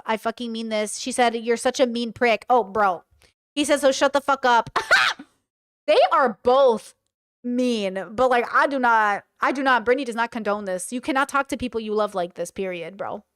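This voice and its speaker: A woman's voice: on the high side, normal speed, clear, resonant tone, dry recording, clean studio sound. A woman doing casual reaction commentary, reading text messages aloud and reacting bluntly. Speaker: commentary streamer.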